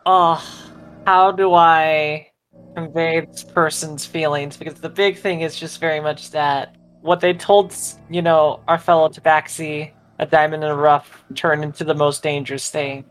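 Low-voiced woman player, thinking out loud, rambly. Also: fairly even intonation, measured pace. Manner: searching, rambling with fillers. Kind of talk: casual out-of-character explanation.

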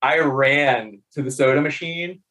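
A man in casual conversation, telling funny work stories in an animated way, laughing often, with many fillers and restarts. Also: medium pitch, unhurried, poor audio. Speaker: podcast guest. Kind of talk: casual storytelling.

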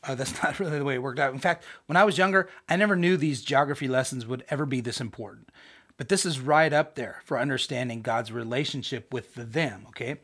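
A man's voice: medium pitch, fast, a bit bright, slightly rough. A man teaching a podcast Bible lesson in a conversational way, often asking rhetorical questions.

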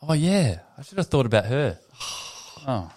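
A man's voice: mid-range voice, sing-song, normal speed, a little mellow. A man co-hosting a podcast in casual chat, telling stories animatedly and swearing freely. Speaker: podcast co-host.

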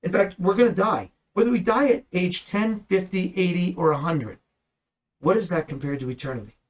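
A man with a somewhat high, husky voice teaches scripture in an easygoing, conversational way. He speaks earnestly and leans into his points with sudden emphatic bursts. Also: normal speed, low-quality recording. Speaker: Bible teacher.

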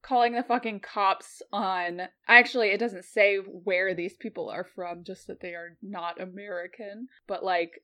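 A woman's voice: medium pitch, fairly even intonation, unhurried, hardly any pauses, bright, forceful tone. A woman in her thirties co-hosting a podcast, casually ranting, swearing bluntly and laughing often. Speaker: podcast co-host. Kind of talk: casual chat.

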